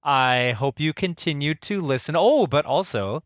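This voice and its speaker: A man's voice: a little high, expressive, unhurried, no room sound, studio quality. A man co-hosting a casual pop-culture podcast, easygoing and hesitant, with many fillers and restarts. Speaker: podcast co-host.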